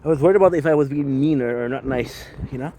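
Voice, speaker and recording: This vlogger speaks fast in a warm, mid-range voice, chatting to his handheld camera as he skateboards outside in the snow. The self-filmed monologue is casual, rambling, profane, and introspective, backed by faint street ambience and passing cars.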